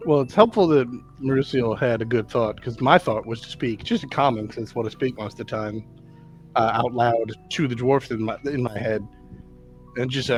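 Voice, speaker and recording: A man playing a tabletop game, easygoing, his sentences often trailing off quietly. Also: mid-range voice, a little fast, soft background music. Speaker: player.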